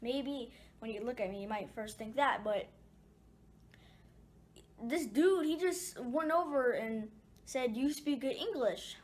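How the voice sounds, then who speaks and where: A woman casually tells her viewers a personal story. Her voice is a touch high. She rambles, trailing off and restarting often. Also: slow pace, pauses often. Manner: rambling, many fillers and restarts.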